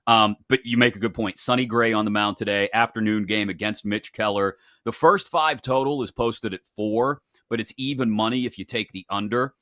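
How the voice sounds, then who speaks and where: Bright, punchy male sports betting host. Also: lowish voice, no room sound, studio quality. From upper Midwest. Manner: upbeat, rapid rundown of games and odds.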